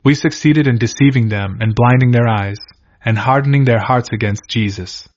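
A man's voice: medium pitch, normal speed, a little hiss or hum, lightly acted. A man voicing a scheming male devil as he gives orders to his followers, read in a plain, commanding way. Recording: dull lo-fi recording.

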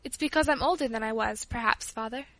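Woman reader doing a sickly, brave young girl, gentle and humble, dry close sound. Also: fairly high pitch, fast, dry recording. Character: frail, brave young invalid daughter.

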